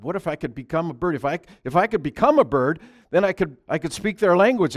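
A man telling a Christmas Eve story as a preacher, in a soft, halting way that drops to a hush. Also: a little high, expressive.

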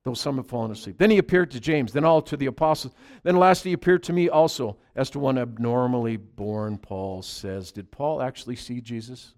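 A man preaching a conversational sermon, moving between loud, emphatic scripture reading and quiet asides to his congregation. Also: medium pitch, fairly quick. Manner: chats with the congregation. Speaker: pastor.

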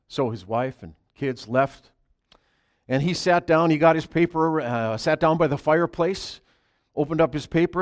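A man telling a Christmas Eve story as a preacher, in a soft, halting way that drops to a hush. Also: fairly high pitch.

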